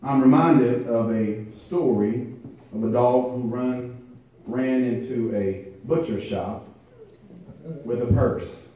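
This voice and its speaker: Echoey pastor preaching. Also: male voice, mid-range voice, slight background noise. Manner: builds from quiet to loud emphatic preaching, drawn-out phrases. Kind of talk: sermon. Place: church sanctuary. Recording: distant echoey church recording, muffled.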